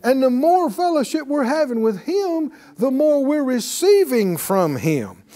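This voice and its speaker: A male Bible teacher preaches with emphasis and calls on his listeners to answer him. His voice is unusually high and swoops widely. He speaks slowly over faint background music. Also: sing-song, dark tone. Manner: emphatic, preachy, asks the audience for responses. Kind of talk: sermon-style Bible class.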